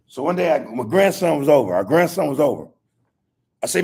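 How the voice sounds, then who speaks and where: An older man hosts a podcast in a gravelly, husky voice. He tells loose, profane stories about his family and breaks into laughter again and again. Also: fairly high pitch, sing-song, brisk, a little mellow. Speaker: podcast host. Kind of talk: casual storytelling chat.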